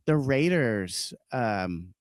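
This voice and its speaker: A man co-hosting a casual podcast, swearing freely as he rants and laughing often. His voice sits at an everyday middle pitch. The sound is close and dry, with no room around it. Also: lively intonation, drawn-out words, dry recording. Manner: profane ranting, laughs often. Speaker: podcast co-host.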